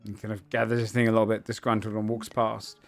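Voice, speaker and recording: A man's voice: fairly low pitch, completely flat delivery, quick pace, gravelly, no room sound, faint music behind. A man narrating a tabletop game as game master, speaking casually and filling his lines with "um" and "kind of". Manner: casual, many fillers and hedging "kind of".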